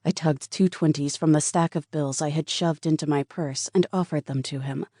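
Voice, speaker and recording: Mellow-voiced audiobook narrator, woman. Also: sits low, steady tone, normal speed, no echo, clean studio sound. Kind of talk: scripted first-person narration.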